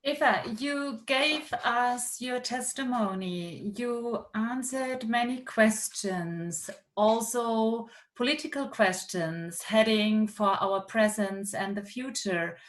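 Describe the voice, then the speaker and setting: Woman prof moderating a zoom seminar, slow careful questions, highish voice. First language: German. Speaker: university professor moderating. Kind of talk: moderating a seminar video call. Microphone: video call.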